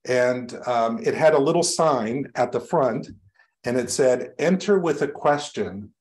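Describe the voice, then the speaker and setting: A man's voice: mid-range voice, expressive, measured pace. A male reverend giving a sermon to his congregation, telling stories in a conversational way with light humor. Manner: warm conversational storytelling to a congregation, light self-deprecating humor. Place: church sanctuary.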